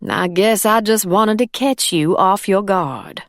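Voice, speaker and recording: A woman's voice: medium pitch, expressive, slow pace, creaky, no room sound, clean studio sound, pitched above the performer's own voice. A woman voicing a cool, firm wealthy employer.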